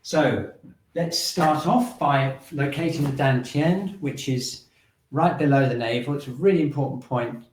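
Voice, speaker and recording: A man teaching a shiatsu and qigong class, calmly cueing breathing and movement and checking in with "okay?" as he goes. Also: medium pitch, unhurried. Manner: calm, repetitive cueing with frequent "okay?" check-ins. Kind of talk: guided breathing exercise class. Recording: roomy sound, mic at a distance.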